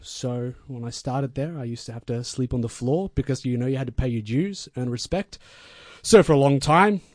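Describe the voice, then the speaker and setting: A man, a wrestling manager guest, telling stories in a crude, deadpan, boastful way full of swearing. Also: medium pitch, moderate pace, dry recording, clean studio sound. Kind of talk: casual storytelling in a podcast interview.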